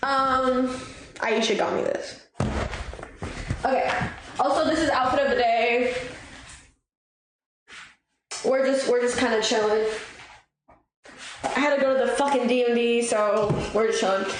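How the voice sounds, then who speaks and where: A young woman with a high voice chats on a livestream, telling a story with lively swearing and bursts of laughter. Her voice bounces around a very echoey room, with faint noise underneath. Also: measured pace, pauses often. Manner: animated, swearing, laughing, mimics people. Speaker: streamer. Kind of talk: casual storytelling chat.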